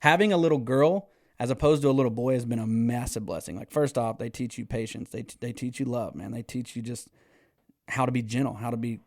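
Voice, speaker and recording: A man, telling stories as a podcast guest in an animated way, swearing freely and laughing often. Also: medium pitch, a little fast, no room sound, studio quality. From Texas. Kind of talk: casual storytelling.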